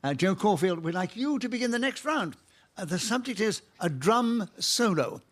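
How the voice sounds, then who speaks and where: A man's voice: sits high, animated, normal speed. A man chairing a radio comedy panel game, genial and sometimes stumbling over his words. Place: radio studio with a live audience.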